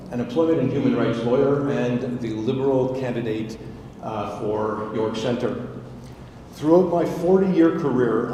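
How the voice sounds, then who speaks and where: A man in his sixties, an election candidate, giving a measured, earnest opening statement at a debate. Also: mid-range voice, dark tone. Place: synagogue hall with audience. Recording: echoey hall, distant mic, faint noise.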